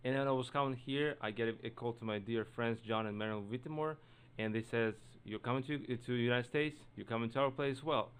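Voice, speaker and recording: Ukrainian-accented male guest, soft-spoken and halting, smooth clear tone, studio interview. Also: mid-range voice. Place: radio studio.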